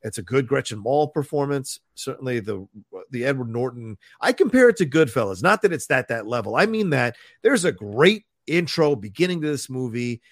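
Podcast co-host, man, rambling casual talker, gravelly and dry. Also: mid-range voice, dry recording. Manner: rambling, reads viewer comments aloud. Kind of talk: casual live film chat.

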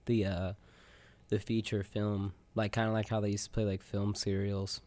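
A man's voice: on the low side, level tone, normal speed, darkish tone, dry recording. A young man co-hosting a college radio show, rambling casually with lots of "like" and "you know". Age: young adult. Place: radio studio. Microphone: studio microphone.

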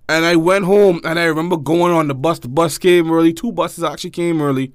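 A young man telling a personal story in casual chat, animated and acting out quotes. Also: brisk, few pauses, dry recording, clean studio sound. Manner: animated, acts out quotes in high voices.

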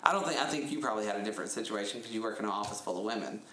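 A man in his thirties telling a story in a casual chat, animated and laughing often, his pitch jumping up when he retells things. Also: very fast. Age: 30s. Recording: echoey room with faint noise.

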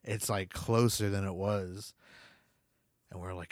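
A man's voice: deep voice, steady tone, takes it slowly, no room sound, studio quality. A young man casually telling a spooky personal story, rambling with lots of "like" and "you know.". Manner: swears in quoted reactions. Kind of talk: casual spoken ghost story.

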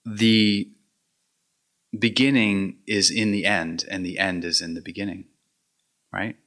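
Meditation teacher, male, low voice but forceful tone, reflective storyteller. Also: level tone, takes it slowly. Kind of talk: dharma talk.

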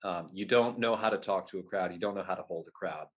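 A man's voice: deep voice, fast. Chatty man telling stories. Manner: animated, acts out his own past remarks. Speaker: guest, whip performer at renaissance fairs. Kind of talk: casual interview storytelling.

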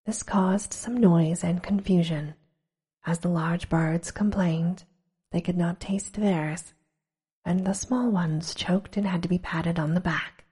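A woman reading a storybook aloud in a hushed, slow whisper, as whispered role-play. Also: lowish voice, fairly even intonation, slightly rough. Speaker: storybook reader.

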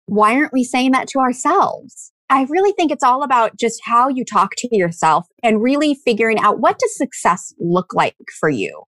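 A woman in casual podcast chat, animated and acting out quoted lines as she tells stories. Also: on the high side, moderate pace, hardly any pauses, no room sound.

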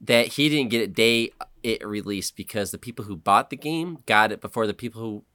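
A man's voice: lowish voice, fairly quick, no echo. A man co-hosting a podcast, chatting casually and joking around with friends. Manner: animated and joking. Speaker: podcast co-host. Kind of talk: casual chat.

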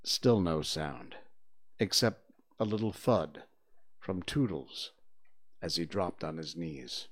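A man reading a children's storybook aloud in an expressive, theatrical storytelling manner. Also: sits low, takes it slowly, long pauses. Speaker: reader.

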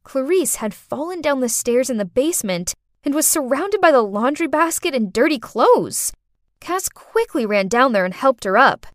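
A woman narrating a first-person story for a podcast in an expressive, dramatic way. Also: sits high, normal speed, dry recording, studio quality.

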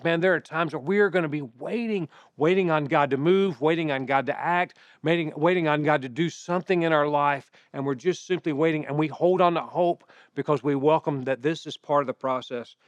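Smooth-voiced man preaching conversationally. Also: a little high, no echo, highs cut off. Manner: conversational preaching with personal stories. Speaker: pastor. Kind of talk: sermon.

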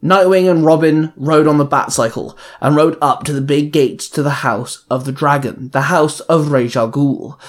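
A man's voice: on the high side, moderate pace, hardly any pauses. A man narrating a superhero fan fiction story in a plain storytelling manner. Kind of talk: reading fan fiction aloud.

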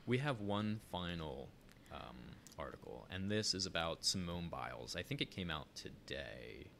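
A man with a fairly low but bright, forceful voice, talking casually on a podcast. He is opinionated and chatty, with fillers and restarts. A faint ambient hiss sits behind him. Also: animated, a little slow, gravelly. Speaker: podcast co-host. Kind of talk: casual chat, reading news aloud.

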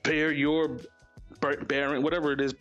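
Candid man, slightly high voice. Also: little pitch movement, moderate pace, fairly bright tone, dull audio. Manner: candid, rambling, frequent "you know" and "like". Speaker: podcast host. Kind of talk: casual chat. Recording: faint music behind.

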